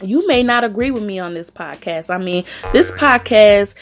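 A woman hosts her own podcast, chatting sassily about celebrity gossip and calling listeners "honey" and "girl." Her mid-range voice is expressive at a normal speed, with faint music in the background.

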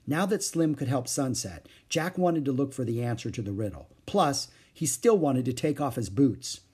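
A man's voice: mid-range voice, normal speed, breathy edge. A man narrating a children's chapter book aloud. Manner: lively expressive reading. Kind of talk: storybook read-aloud.

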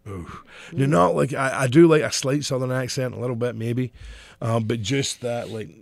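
A man's voice: medium pitch, normal speed, creaky, no echo. Scottish man in rambling, profane chat. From Scotland. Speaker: podcast co-host. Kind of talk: casual chat.

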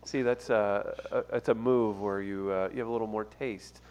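A man's voice: lowish voice, fairly even intonation, moderate pace, darkish tone, slight background noise. A man hosting a podcast, telling wry stories and teasing his co-hosts. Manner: wry teasing storyteller, laughs often. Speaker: podcast host. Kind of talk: casual podcast banter.

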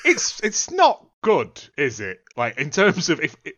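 A man's voice: fairly high pitch, a little slow. Jokey podcast guy, voice bounces all over the place. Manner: animated, jokey. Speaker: podcast guest. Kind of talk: casual film review chat.

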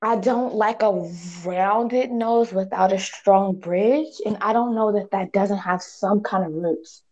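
A woman's voice: mid-range voice, slow pace, a little mellow, muffled recording. A woman in casual conversation, thinking aloud with many fillers and restarts. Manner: thoughtful, hesitant, many fillers.

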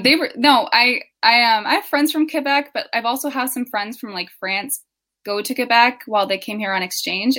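A woman's voice: medium pitch, sharp tone. Canadian accent, young adult woman, meandering guest, stops and starts often. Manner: rambling, hesitant with many ums. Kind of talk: casual chat.

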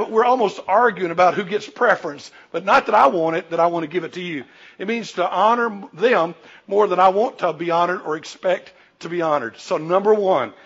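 A man preaching a sermon in a church, emphatic and rising to shouts while acting out the people he quotes. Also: sits high, muffled recording. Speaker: pastor. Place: church sanctuary.

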